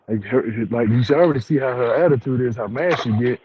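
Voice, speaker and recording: A man's voice: mid-range voice, fast, dull audio, a little hiss or hum. A man hosting a casual review chat at home, talking in a laid-back, slangy way and chuckling often. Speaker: show review host.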